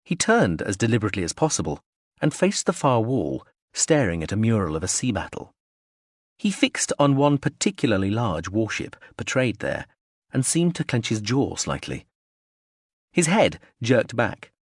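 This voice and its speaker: Low-voiced man narrating an audiobook. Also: big pitch swings, normal speed, no echo, clean studio sound. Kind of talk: scripted narration.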